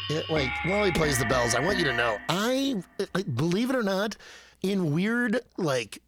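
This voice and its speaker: A man's voice: sits high, very animated, moderate pace, loud music behind the voice. A man co-hosting a podcast in casual chat, joking, rambling and swearing. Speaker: podcast co-host.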